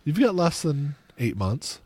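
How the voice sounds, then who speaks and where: Animated, rambling male podcast host. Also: on the high side, unhurried, slightly rough, no echo. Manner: rambling, stop-start phrasing. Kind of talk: casual chat.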